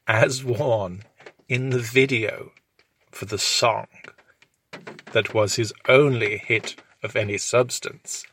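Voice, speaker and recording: A man improvising a crude comic story in a deadpan, rambling way. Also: fairly low pitch, slight background noise. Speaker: storyteller host.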